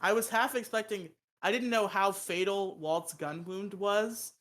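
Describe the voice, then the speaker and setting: A man's voice: high-pitched, fairly even intonation, a little slow, fairly bright tone. A man hosting a casual movie review podcast, who laughs a lot and swears freely as he recaps the plot. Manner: laughs often, swears casually, acts out quotes. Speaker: podcast host.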